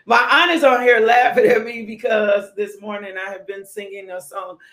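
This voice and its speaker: A woman's voice: medium pitch, fairly even intonation, normal speed, fairly bright tone. Playful woman devotional host, live-stream chat, echoey room, laughs a lot. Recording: roomy echo.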